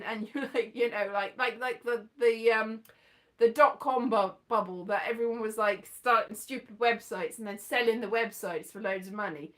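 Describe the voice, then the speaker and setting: A woman's voice: on the high side, a bit bright. A woman rambling through a casual monologue, chatty and digressive with playful asides. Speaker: vlogger.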